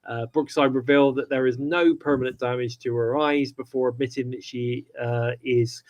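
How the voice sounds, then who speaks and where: A man's voice: medium pitch, steady tone, moderate pace, darkish tone, lo-fi sound. Brief: male podcast co-host, loose rambling talk. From United Kingdom. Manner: chatty, rambling with frequent restarts and laughs. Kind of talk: casual wrestling review chat.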